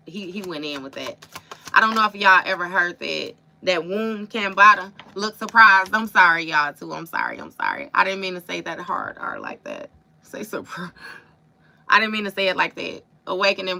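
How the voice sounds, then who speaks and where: A woman's voice: on the low side, very animated, moderate pace, vocal fry, bright, forceful tone. A woman doing a live tarot reading, talking to her viewers in a casual, emphatic, slangy way. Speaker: tarot reader.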